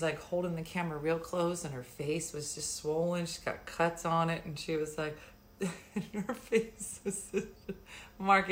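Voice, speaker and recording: Rambling middle-aged woman live-streaming, kinda low voice, laughs a lot. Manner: rambling, chatty, laughs often. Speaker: livestream host. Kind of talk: casual live-stream chat.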